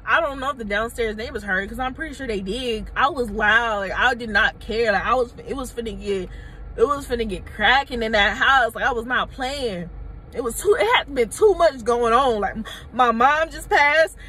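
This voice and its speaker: A woman's voice: a little high, moderate pace, sharp tone, a little hiss or hum, poor audio. A young adult woman telling a personal story on her vlog, candid and emphatic, full of slang and swearing. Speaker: mommy YouTuber.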